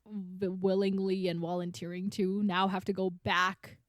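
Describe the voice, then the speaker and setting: A woman's voice: mid-range voice, flat delivery, measured pace, dry recording, clean studio sound. A woman co-hosting a podcast, casually recapping book chapters and peppering her paraphrases with "like". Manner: chatty, paraphrases scenes with filler "like".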